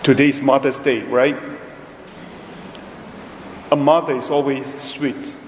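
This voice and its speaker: A man preaching a homily at Mass in a slow, emphatic way, with frequent pauses and simple, non-native phrasing. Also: mid-range voice, level tone, slight background noise. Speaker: priest. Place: large church. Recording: echoey church with long reverb.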